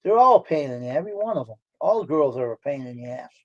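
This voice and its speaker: A man's voice: a little high, big pitch swings, fast talker. A man hosting a live stream, telling stories in casual chat in a blunt, boastful way. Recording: dull lo-fi stream audio.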